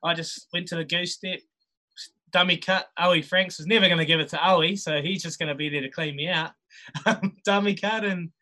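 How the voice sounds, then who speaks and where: Laid-back New Zealand man, bright voice. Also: fairly high pitch, fairly even intonation, fairly quick, poor audio. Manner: laid-back, chuckles often, many restarts. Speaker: podcast guest, rugby player. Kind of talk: casual storytelling chat.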